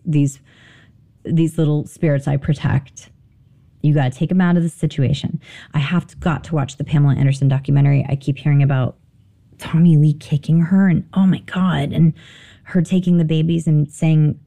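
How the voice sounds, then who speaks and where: A woman hosting a spiritual podcast, talking candidly with swearing and animated storytelling. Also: low voice, vocal fry. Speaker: podcast host. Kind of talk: casual spiritual talk.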